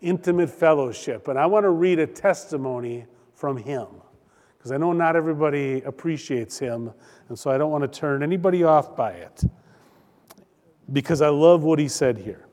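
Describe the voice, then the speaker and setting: A man's voice: fairly high pitch, normal speed, darkish tone, big-room sound. A man preaching a sermon as pastor, earnest and emphatic, stretching out key phrases.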